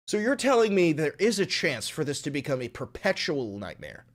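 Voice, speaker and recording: A man's voice: fairly high pitch, sing-song, normal speed, hardly any pauses. A man hosting a casual livestream, reading viewer comments and joking and swearing between bits of silly voices. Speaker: livestream host.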